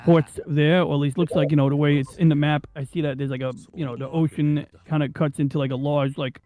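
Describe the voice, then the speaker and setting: New guy hosting a chill podcast, rambles off topic, swears a lot, voice sits a bit high. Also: steady tone, fairly quick, mellow, no echo, poor audio. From New York. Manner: rambling, digressive, swears freely, many fillers. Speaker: podcast host. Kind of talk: casual rambling chat.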